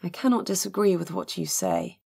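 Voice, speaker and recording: A woman's voice: lowish voice, moderate pace, gravelly, mellow, slightly rough, pitched above the performer's own voice, exaggerated voice. A woman reading an audiobook, voicing an eager, forthright young woman. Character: young woman Gussie, impetuous and determined.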